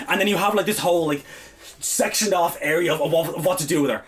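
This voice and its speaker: Guy on a podcast going off on a heated rant, kinda high voice, all over the place. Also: animated, fairly quick. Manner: heated, profane, exasperated ranting. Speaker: podcast co-host. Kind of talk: ranting casual chat.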